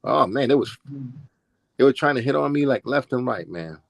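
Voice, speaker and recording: A man's voice: medium pitch, lively intonation, normal speed, creaky, no room sound. An older man from Brooklyn, telling stories in a casual interview and acting out the people he quotes. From Brooklyn, New York. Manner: acts out quoted people with voice changes. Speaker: interview guest, former DJ and dancer. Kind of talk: casual storytelling.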